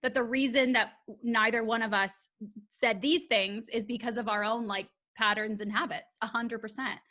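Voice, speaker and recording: A woman's voice: a little high, steady tone, normal speed, sharp tone. A young woman hosting a podcast, chatting with a guest in an upbeat, gushing way and laughing often. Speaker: podcast host. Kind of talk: casual interview chat.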